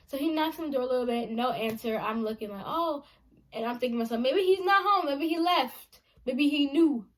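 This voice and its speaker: A young woman telling a story from her childhood, dramatic and animated, acting out her own scared voice. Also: fairly high pitch. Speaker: storytime vlogger.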